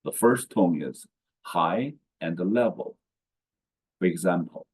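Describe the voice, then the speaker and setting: Slow, deep-voiced man teaching Mandarin tones. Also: very animated, warm tone, slightly rough. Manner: models each syllable twice with careful tones. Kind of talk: slow language lesson with repetition.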